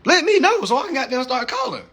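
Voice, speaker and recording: A man's voice: extremely high pitch, very animated, fast, pushed and bright. A young man hosting a live stream, teaching his class in a casual, profane rant that keeps checking in with "all right?". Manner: emphatic, profane, repeats points with "all right?". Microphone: phone.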